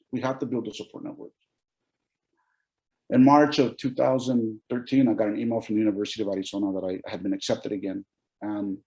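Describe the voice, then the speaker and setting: A man's voice: mid-range voice, gravelly, warm tone, poor audio. A man from Oregon, around his forties, giving a keynote speech as a personal testimony, telling his story with emotion, restarts and quoted dialogue. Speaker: keynote speaker.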